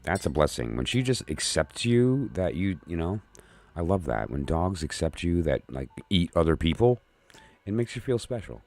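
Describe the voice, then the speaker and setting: A man's voice: a bass voice, sing-song, normal speed, darkish tone. A man hosting a late-night live stream of oracle readings, rambling and joking as he talks to his viewers. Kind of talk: casual live-stream chat.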